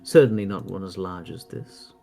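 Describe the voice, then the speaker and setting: A man's voice: low-pitched, moderate pace, creaky, mellow, faint music behind, pitched below the performer's own voice. A man voicing a polite, curious female adventurer who speaks formally. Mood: courteous.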